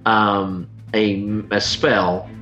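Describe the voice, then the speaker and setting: A man running a tabletop game as game master, explaining rules and describing scenes in a halting way, full of fillers. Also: lowish voice, little pitch movement, a bit bright. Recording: dull podcast audio with faint music.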